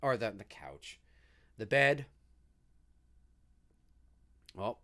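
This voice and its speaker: A man hosting a live movie commentary, talking in an animated, enthusiastic and rambling way. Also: mid-range voice, normal speed. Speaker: host.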